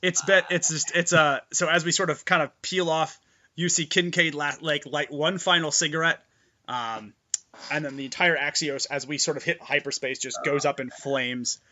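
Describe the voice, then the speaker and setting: A man's voice: on the high side, fairly even intonation, normal speed, pushed and bright, muffled recording. A man narrating as game master for a tabletop game, loose and full of fillers.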